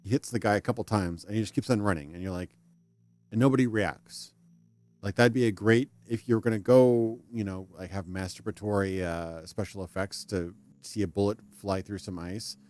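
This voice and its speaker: Low-voiced man ranting on a game stream. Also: a little mellow. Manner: rambling, chatty ranting with restarts; reads in-game text aloud. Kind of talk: casual live-stream commentary.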